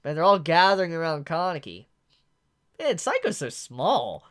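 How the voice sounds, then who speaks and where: Guy reacting to a manga chapter, gets super excited and gushy, voice jumps all over the place. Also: fairly high pitch, moderate pace. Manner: excitable and gushing, fillers like "yo" and "like". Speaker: manga reviewer. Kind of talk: casual chapter-reaction commentary.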